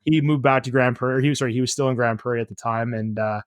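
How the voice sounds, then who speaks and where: A man's voice: mid-range voice, fairly even intonation, quick pace, dry recording. A man, telling long football stories on a podcast with lots of fillers and restarts. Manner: rambling anecdotes with many fillers and restarts. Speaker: guest football coach. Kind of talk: casual podcast storytelling.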